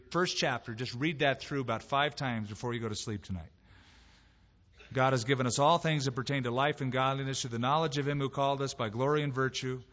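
A man preaching a sermon as pastor, in a lively, conversational way with emphatic rises and quoted voices. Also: mid-range voice, in a large hall, highs cut off. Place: church sanctuary.

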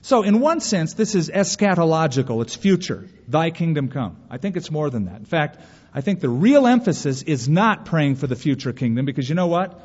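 A man's voice: a little high, sing-song, a little fast, a little mellow, slightly rough. A male pastor from California, preaching a sermon in an earnest way with rhetorical questions and story asides. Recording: reverberant hall, dull lo-fi sound.

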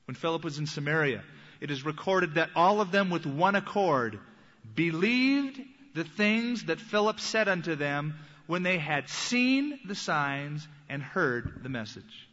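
Bright-voiced man preaching in a hall. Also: on the high side, expressive, highs cut off. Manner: earnest teaching tone, slows down for quoted scripture. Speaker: pastor. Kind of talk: sermon.

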